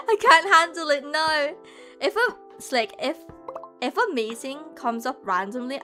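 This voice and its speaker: Bright, high-voiced chatty streamer woman. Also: measured pace, faint music behind. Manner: animated venting with frequent laughter; chats back to viewers' messages. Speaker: VTuber streamer. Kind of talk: casual live-stream chat.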